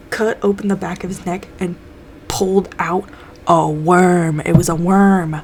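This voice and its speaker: A young woman chats through a TV episode recap in a loose, profane way, jumping into the characters' lines as she goes. Her voice sits a little low, and a faint hiss of background noise runs under it. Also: fairly even intonation, normal speed, creaky, a little mellow. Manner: loose, swears a lot, acts out characters' lines. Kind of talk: casual recap chat.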